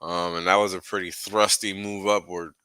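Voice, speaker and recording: A man's voice: sits low, little pitch movement, normal speed, bright, forceful tone, clean tone, no echo. A man hosting a market commentary show, talking casually through charts in a laid-back, muttering way.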